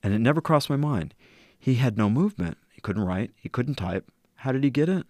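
A middle-aged man telling a personal story in an earnest, reflective way, slowing down at key moments. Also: medium pitch, lively intonation, darkish tone, no room sound. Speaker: interview guest.

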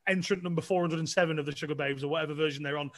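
A middle-aged man speaks very fast in a steady, slightly high voice. As a podcast guest, he tells stories casually with a chatty, self-deprecating manner, often restarting his sentences.

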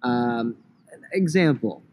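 A man's voice: mid-range voice, expressive, takes it slowly, a little mellow, slight background noise, rough recording. A man hosting a podcast in casual, joking chat, outdoors in a park. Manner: laid-back, joking. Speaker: podcast host. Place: outdoors in a park, on a grassy slope.

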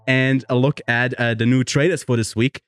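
A man hosting a podcast in casual chat, chatty and quick to laugh. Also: medium pitch, steady tone, clear, resonant tone. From Switzerland. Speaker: podcast host.

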